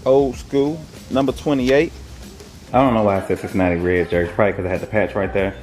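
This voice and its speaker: A man's voice: fairly low pitch, fast, a little mellow. A young man casually talking through his resale haul in a laid-back, rambling, slangy way. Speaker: online reseller showing his haul.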